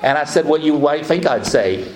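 A man's voice: on the high side, lively intonation, darkish tone. Storytelling male preacher in an echoey room. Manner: storytelling with quick asides and slow emphatic lines. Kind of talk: sermon. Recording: echoey room with faint ambient noise.

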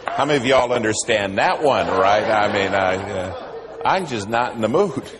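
A man's voice: fairly low pitch, expressive, unhurried, a bit bright, slight background noise. A male preacher, telling a humorous story in a sermon.

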